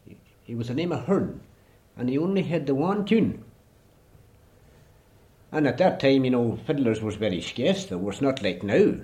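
A man's voice: fairly high pitch, a little mellow. A man with a Donegal accent telling a traditional fairy story, peppered with "he says" and local turns of phrase. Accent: Irish (Donegal). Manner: rambling, repetitive "he says". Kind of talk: folk storytelling.

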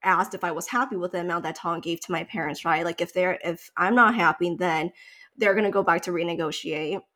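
A woman's voice: fairly low pitch, brisk. Chatty woman telling a story. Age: 30s. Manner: animated storytelling, many likes and you-knows. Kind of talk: casual chat.

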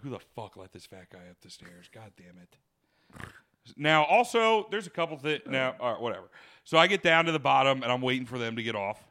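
A man's voice: medium pitch, clear, resonant tone. A man telling a funny story to friends in casual chat, acting out quotes with laughter and swearing. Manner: animated, acts out quotes, laughs often, swears. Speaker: podcast host telling a story.

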